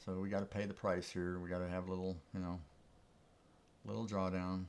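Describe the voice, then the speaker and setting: Low gravelly man talking trades. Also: little pitch movement, a little fast, a little mellow. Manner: thinking aloud, easygoing, with chuckles. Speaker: trading streamer. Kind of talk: casual live-stream commentary.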